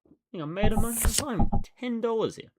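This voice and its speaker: This fast talker narrates his online poker game against a noisy background. It's casual thinking aloud that jumps between excited outbursts and low mutters.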